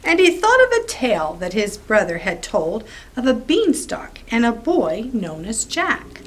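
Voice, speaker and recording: A woman librarian reading a picture book aloud to preschoolers in an expressive, sing-song way. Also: on the high side, unhurried, a little hiss or hum, low-quality recording. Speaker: children's librarian storyteller.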